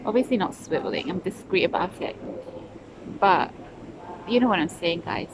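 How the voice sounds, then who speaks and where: A middle-aged British woman with a fairly low, animated voice talks at a moderate pace. She's a travel vlogger chatting casually into her phone camera, rambling and talking to herself between bursts of laughter. Traffic makes the outdoor recording noisy.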